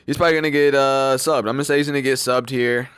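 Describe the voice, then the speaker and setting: A man's voice: medium pitch, steady tone, fast, fairly bright tone, clear, resonant tone, dry recording. A young man giving casual, rambling fight predictions, loose and slangy, with lots of fillers and swearing. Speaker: MMA fight predictions channel host.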